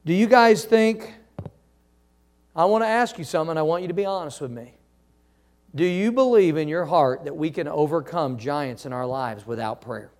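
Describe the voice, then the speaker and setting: High-voiced man preaching a sermon. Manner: preaching with call-and-response questions to the congregation; reads scripture aloud, drops to soft, slow phrases for emphasis. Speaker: pastor.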